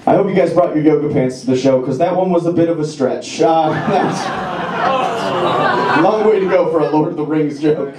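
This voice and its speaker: A man's voice: a little high, heavy background noise. A man performing a wry, self-deprecating stand-up set on a comedy club stage. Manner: wry, self-deprecating, does quick voices for jokes. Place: comedy club stage before a live audience. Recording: echoey club with crowd laughter.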